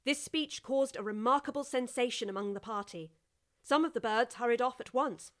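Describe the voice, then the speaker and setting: A woman narrating a storybook in an even, measured reading voice. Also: fairly high pitch.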